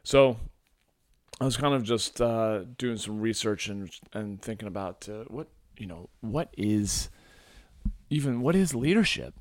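A man hosting a solo podcast, his voice sitting low with a slightly groggy morning tone. He talks in a casual, reflective way, pausing on "uh" and circling back as he works through his thoughts. The sound is close and dry, with no room around it. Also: animated, dry recording. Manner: reflective, thinking aloud with many fillers and restarts. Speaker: podcast host and men's coach.

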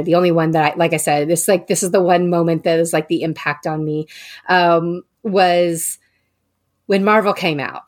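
A young woman, telling a story in casual chat, animated and full of fillers. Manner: animated, many fillers, acts out quotes in a higher voice.

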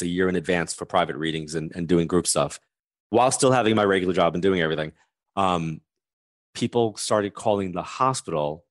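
A man in his fifties, a guest in an interview, telling an animated story fast with many "like" fillers. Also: low voice, no room sound, clean studio sound. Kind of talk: conversational storytelling.

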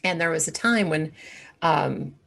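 A woman's voice: deep voice, animated, measured pace, creaky, fairly bright tone. A woman in her forties, an interview guest, telling a personal story in a candid, earnest way with many fillers and restarts.

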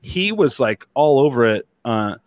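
A man's voice: medium pitch, sing-song, a little slow, no echo. A man hosting a casual talk show, rambling with many "like"s and restarts. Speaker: host. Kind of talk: casual chat.

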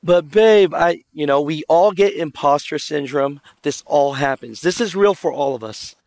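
A man on a conference panel, telling stories in a lively way, acting out other people's lines and quizzing the audience with questions. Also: a little high, moderate pace, dry recording. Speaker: trucking video creator on a conference panel.

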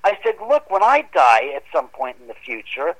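A man's voice: normal speed, rough recording. A man telling a long personal ghost story in a casual chat, acting out the voices in his quotes. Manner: animated, acts out quoted dialogue with rising pitch. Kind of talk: casual storytelling on a podcast call.

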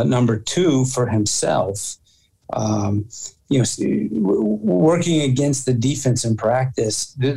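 A football coach talks through his answers in an interview, stopping, restarting and repeating words as he thinks. His voice is gravelly with fry, and the tone sits dark and mellow. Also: mid-range voice, poor audio.

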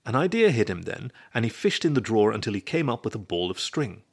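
A man reading a story aloud as narrator in a steady storybook manner. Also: on the low side, fast, gravelly. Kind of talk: scripted narration.

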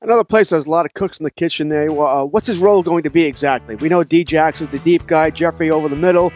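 Fast-talking man weighing draft picks. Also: a little high, a little mellow, muffled recording, faint music behind. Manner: thinking aloud, hedging, restarts. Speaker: fantasy football co-host. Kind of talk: casual sports chat.

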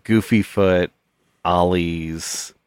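A man co-hosting a comedy podcast, joking with mock solemnity in a deadpan manner. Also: deep voice, extremely slow, smooth, no room sound, studio quality. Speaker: podcast co-host. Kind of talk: casual comedic chat.

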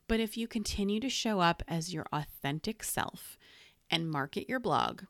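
A woman's voice: lowish voice, fairly bright tone, no echo, studio quality. A woman hosting a solo podcast from home, talking in a candid, conversational and encouraging way into a podcast microphone. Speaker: podcast host.

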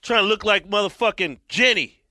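A man's voice: sits high, a little fast, bright, forceful tone, no echo, studio quality. A man in casual podcast chat, emphatic and profane.

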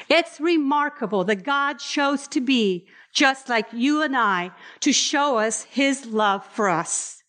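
A woman preaching a sermon, expressive, slowing down for scripture readings. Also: high-pitched. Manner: expressive, varies pace, slows for scripture readings.

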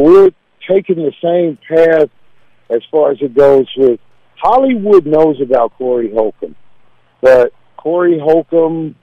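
A man's voice: on the high side, no echo, highs cut off. A man, a comedian, talking casually in an interview, confident and laid-back as he tells stories. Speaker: comedian guest.

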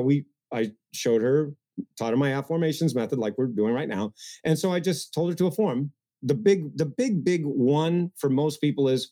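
A man speaking as a guest coach in an interview, energetic and getting worked up, with mocking asides. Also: mid-range voice. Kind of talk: animated interview talk.

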